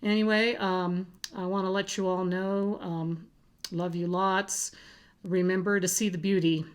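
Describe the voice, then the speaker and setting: A woman hosting a cross-stitch vlog, chatting casually to camera in a halting way, with frequent fillers and restarts. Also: fairly low pitch, level tone, clear, resonant tone.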